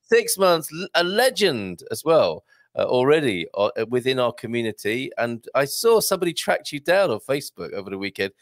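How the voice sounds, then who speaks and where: A man's voice: medium pitch, sing-song, moderate pace, no echo, clean studio sound. A man hosting a live online show, chatting casually, reading out comments and tagging on questions. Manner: chatty, jokey, with tag questions.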